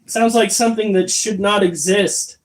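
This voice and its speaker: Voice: mid-range voice, fairly even intonation, normal speed. A livestreamer chatting casually while reading chat, swearing a lot and sounding incredulous. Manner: profane, incredulous, rambling.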